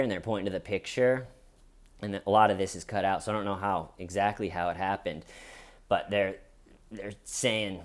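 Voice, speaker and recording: A true crime comedy host, a young man with a low voice and moderate pace, retells a crime story as a joke from his desk. He performs the quotes in silly voices during casual storytelling with a sponsor read.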